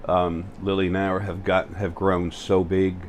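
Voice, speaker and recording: A man with a very low voice talks straight to the camera on his own spiritual channel. He keeps stopping on fillers and restarting his sentences, with a faint hum of noise under him. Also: monotone. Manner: halting, full of fillers and restarts. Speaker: channel host. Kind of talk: spiritual vlog monologue. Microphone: facing the camera.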